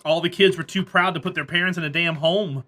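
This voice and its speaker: A man's voice: on the high side, steady tone, fairly quick, bright, forceful tone, slight background noise. A man streaming a game, chatting casually with viewers and telling rambling stories, laughing often. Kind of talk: casual chat with viewers while gaming.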